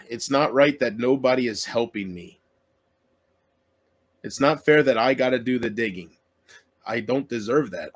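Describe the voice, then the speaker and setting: A man YouTuber in an emotional solo rant to his viewers, aggrieved and self-pitying, swearing often and trailing off mid-sentence. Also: medium pitch.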